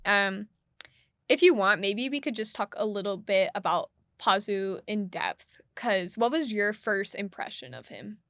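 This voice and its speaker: A woman's voice: mid-range voice, lively intonation, unhurried, fairly bright tone, dry recording, studio quality. A woman co-hosting a podcast, discussing a film in a casual, analytical way, asking questions with frequent fillers. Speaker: podcast co-host.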